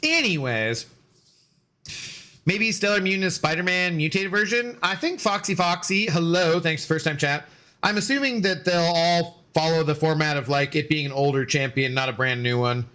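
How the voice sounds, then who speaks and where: A man's voice: a little high, normal speed, bright, forceful tone. A man in his forties streaming a game and rambling through stories in casual chat, loose with fillers and swearing.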